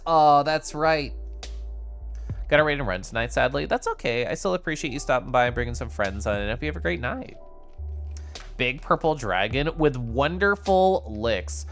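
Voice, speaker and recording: With faint music behind him, a man streams a game from home in an animated, medium-pitched, fairly bright voice at a moderate pace. He chats playfully with viewers, sappy and giggly, slipping into silly little voices.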